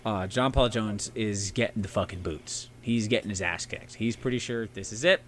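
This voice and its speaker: On a laid-back history podcast, this co-host tells the story in a rambling, profane way, switching into goofy shouted voices for historical figures. His pitch is fairly low and he talks at a normal speed.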